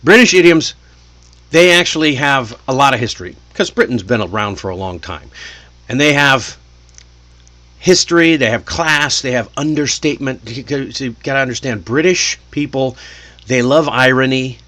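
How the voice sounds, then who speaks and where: An American man teaches English idioms casually and keeps turning to the listener with little questions. His voice sits at an ordinary middle pitch. The sound is dry and close, with no room echo. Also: animated, moderate pace, bright, forceful tone. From United States. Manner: chatty, asks the listener questions.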